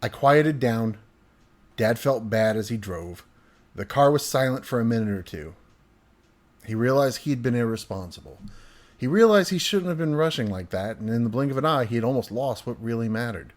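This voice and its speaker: A man reading a comic childhood story aloud. His delivery is animated and hyperbolic, dropping to a hush and then rising loud for the big moments. His voice sits at a medium pitch. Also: moderate pace.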